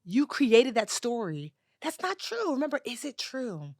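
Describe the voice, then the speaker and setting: A woman being interviewed as a personal finance expert, telling lively stories in casual chat with lots of fillers. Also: on the high side, a little slow, no echo, clean studio sound. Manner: animated, lively storyteller with many "like"s.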